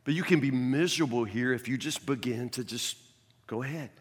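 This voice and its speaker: A man preaching a sermon as a pastor in a conversational, animated way, recorded in a church sanctuary. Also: medium pitch, a little fast, husky. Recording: long reverb of a large church hall.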